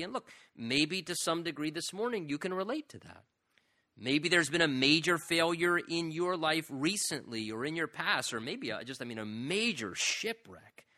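A man preaching a sermon, emphatic and storytelling, acting out quoted lines. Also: sharp tone. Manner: emphatic, acts out quoted lines with rising pitch. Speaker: pastor.

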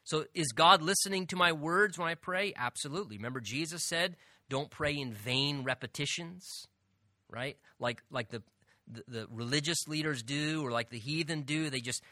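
Male pastor, earnest expository sermon, bright voice, dry sound. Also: on the high side, moderate pace, no room sound. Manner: earnest, emphatic, swings from soft to loud.

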